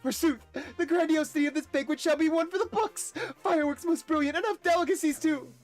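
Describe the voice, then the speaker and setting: A man's voice: very high voice, fairly quick, soft background music, voice pushed up. A man voicing a grandiose, theatrical banquet host who proclaims in archaic, boastful words.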